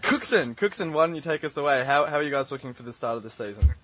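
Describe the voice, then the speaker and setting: A man's voice: medium pitch, lively intonation, quick pace, sharp tone. A man hosting a casual football podcast, chatty, laughing easily and asking rambling questions. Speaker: podcast host. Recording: dull lo-fi recording.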